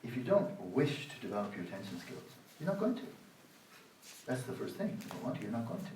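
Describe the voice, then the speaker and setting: A man in his sixties giving a dharma talk at a meditation retreat, sarcastic and animated, acting out the inner voices of his students. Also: medium pitch, quick pace, slight background noise. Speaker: meditation teacher. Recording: roomy hall, voice from the mic's distance.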